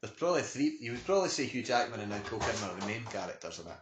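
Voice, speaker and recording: A deep, quick-talking Scottish man reviews a film in easy, rambling chat that is full of "aye" and restarts. He is recorded in an echoey room with a faint hiss behind him. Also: very animated. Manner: chatty, says "aye" often, lots of restarts. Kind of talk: casual chat.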